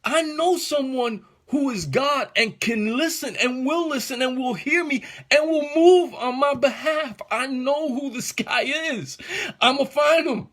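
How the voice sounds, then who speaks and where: A man's voice: very high voice, a little slow, a bit bright, voice pushed up. A man voicing a desperate father who is pleading urgently for his dying daughter.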